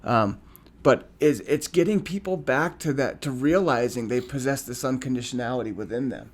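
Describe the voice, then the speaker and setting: A man's voice: mid-range voice, moderate pace. A man co-hosting a podcast, talking in an earnest, reflective way with frequent restarts and ums. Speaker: podcast co-host.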